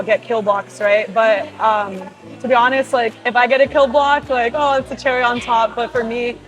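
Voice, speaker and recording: A woman's voice: on the high side, rough recording. Chatty young woman, music behind. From Hawaii. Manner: chatty and upbeat, with many fillers like "like" and "you know". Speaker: professional volleyball player. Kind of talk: casual Q&A, reading fan questions aloud and answering. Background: background music.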